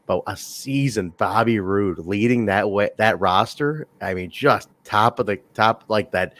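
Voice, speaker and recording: A man co-hosting a casual wrestling review chat, telling stories in a rambling, animated way. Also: fairly low pitch, unhurried, no room sound. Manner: rambling, animated storytelling with laughs. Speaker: podcast co-host reviewing wrestling.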